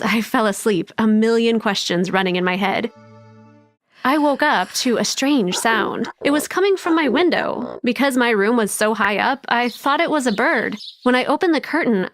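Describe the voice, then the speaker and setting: A woman giving a first-person storybook narration, wide-eyed and expressive. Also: a little high, no echo, clean studio sound.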